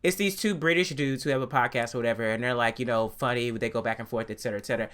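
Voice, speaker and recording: Talking very fast in a smooth, mid-range voice with a fairly bright tone, this podcast co-host keeps the casual conversation animated, laughing and cursing freely.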